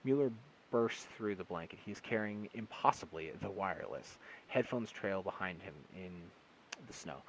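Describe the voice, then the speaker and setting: A man's voice: low-pitched, lively intonation, normal speed, a little hiss or hum, rough recording. A man reading a short story aloud in one take on a phone, sometimes stumbling and restarting words. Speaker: amateur audiobook reader.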